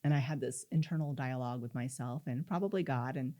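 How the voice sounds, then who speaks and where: Speaking fast in a rumbling low register, a middle-aged female guest shares a story from her own life during an interview. Her delivery is lively, and she acts out the lines she quotes.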